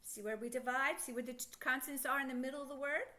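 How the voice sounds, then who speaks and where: A middle-aged woman teaching a children's phonics lesson, sounding out words slowly and encouraging the child with questions. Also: sits high, steady tone, sharp tone.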